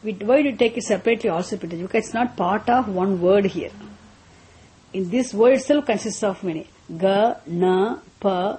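A woman teaches a class on mantras in a mellow, dark-toned voice. She explains step by step, often repeating herself, and slows into chanting. Her pitch sits in an ordinary middle range. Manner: patient, repeats and restarts, chants slowly.

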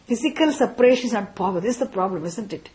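A woman teaching a class on scripture, speaking deliberately and often checking in with "isn't it?". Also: medium pitch, expressive, darkish tone. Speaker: Vedanta teacher.

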